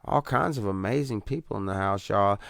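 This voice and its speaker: A man's voice: lowish voice, a little fast, gravelly, fairly bright tone, dry recording, clean studio sound. A man with a Southern US accent hosting a live radio interview, folksy and chatty, calling out to listeners. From Deep South, US. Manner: folksy, keeps addressing listeners with y'all. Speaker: radio host.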